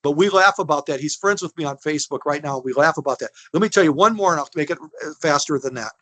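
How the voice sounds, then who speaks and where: A man's voice: fairly high pitch, fast, no room sound. A man in his sixties, an interview guest telling stories in a folksy, rambling way and acting out the people in them. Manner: animated storyteller who acts out other people's lines; folksy, rambling, with restarts and laughter. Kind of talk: casual storytelling.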